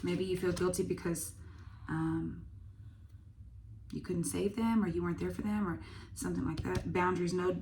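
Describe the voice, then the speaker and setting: A woman with a drawl talks through a tarot reading in a low, flat voice. She thinks aloud, full of "um" and "uh", and swears now and then. There is steady noise under the recording. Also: normal speed, gravelly. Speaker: tarot reader.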